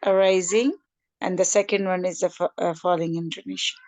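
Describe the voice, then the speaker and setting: Woman student, careful measured answers, dry close sound. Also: on the low side, fairly even intonation, a little mellow, no room sound, highs cut off. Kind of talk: answering in an online class.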